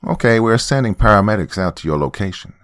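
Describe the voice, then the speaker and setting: A man voicing a demonic female emergency dispatcher who speaks calmly and then turns mocking. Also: lowish voice, fast talker, dry recording, clean studio sound, pitched above the performer's own voice. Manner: calm then mocking, cackling.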